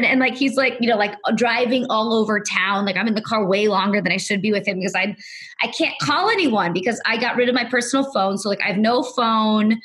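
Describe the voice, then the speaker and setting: Quick-paced and animated, this woman has a medium-pitched, husky voice with a fairly bright tone. She's a podcast interview guest telling a story in a loose, rambling way, saying "like" constantly and acting out what other people said in quoted voices.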